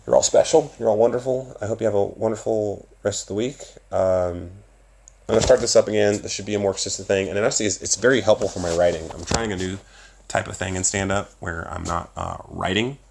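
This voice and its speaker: A young adult man with a Southern US accent, hosting his own podcast in a casual, profane, rambling monologue with bursts of loud emphasis. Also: deep voice, fairly even intonation, fast talker, vocal fry, noisy background. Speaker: podcast host.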